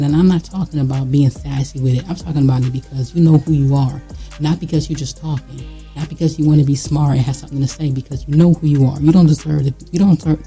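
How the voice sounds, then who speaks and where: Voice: mid-range voice, steady tone, quick pace, warm tone, soft background music, rough recording. A vlogger giving a candid, blunt motivational talk straight to the viewer, in casual slangy speech full of fillers and repeats. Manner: emphatic, blunt and preachy, talking straight to the viewer.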